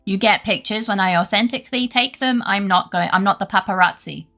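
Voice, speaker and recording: A British woman talks to her live viewers in a loose, rambling way, swearing freely and poking fun at herself. Her voice is bright and sharp, with a gravelly crackle at the ends of phrases. Soft music plays quietly behind her. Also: mid-range voice, brisk. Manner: rambling, sweary, self-deprecating, laughs often. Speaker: live streamer. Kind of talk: casual chat with live viewers.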